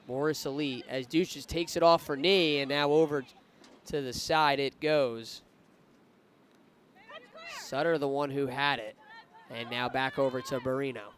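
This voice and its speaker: A man's voice: mid-range voice, slight background noise. Man calling a soccer match live. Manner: rising excitement on attacking plays. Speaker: play-by-play commentator.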